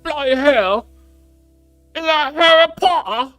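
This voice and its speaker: A man doing a loud cheeky British bloke. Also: lively intonation, slow, faint music behind, full character voice. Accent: put-on Cockney-style British. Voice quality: loud, high and rough.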